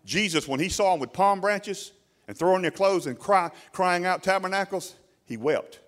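A man's voice: high-pitched, moderate pace, a bit bright. A middle-aged man, preaching a sermon in a folksy, colloquial way and asking his listeners questions. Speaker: pastor.

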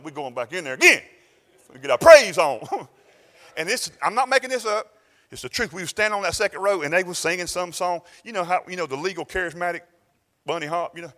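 In church, a Southern-accented American pastor with a slightly high voice preaches a sermon. He tells stories animatedly, alternating exclamations with quiet asides.

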